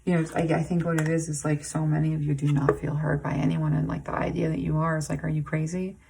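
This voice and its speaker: Low gravelly-voiced woman reading tarot. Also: flat delivery, noisy background. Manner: halting and rambling, full of "like" and restarts; emotionally intense, pausing to sigh and breathe. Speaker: tarot reader. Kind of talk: intuitive tarot reading to camera.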